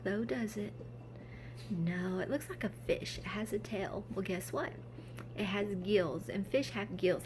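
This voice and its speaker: A woman teaching a kindergarten science lesson, gently asking young children questions and answering them herself. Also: mid-range voice, a little hiss or hum.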